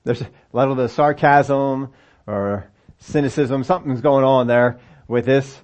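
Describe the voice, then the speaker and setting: In a church sanctuary with children present, a pastor preaches conversationally, acting out the voices of the people in the story. His mid-range voice is steady and a little mellow, at a measured pace.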